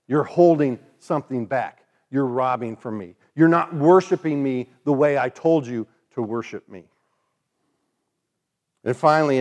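Preaching in an easygoing, chatty manner, this male pastor has a somewhat high-pitched voice. When quoting others, he slips into their voices for a moment.

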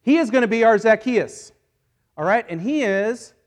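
High-voiced playful male pastor. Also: normal speed. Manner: playful, joking, energetic. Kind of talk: sermon with acted-out Bible story. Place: church service.

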